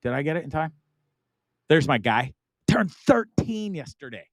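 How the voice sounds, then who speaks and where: A man's voice: a little high, sing-song, moderate pace, no echo. A middle-aged man from Canada hosting a live online talk show, rambling and enthusiastic in casual chat. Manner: rambling, enthusiastic, frequent laughs and asides.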